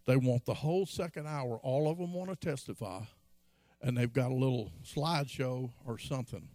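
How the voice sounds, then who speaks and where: A man's voice: normal speed, darkish tone, dry recording. A man preaching a sermon as pastor, telling stories from his life and acting out quotes. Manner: storytelling, acts out quotes in a high voice.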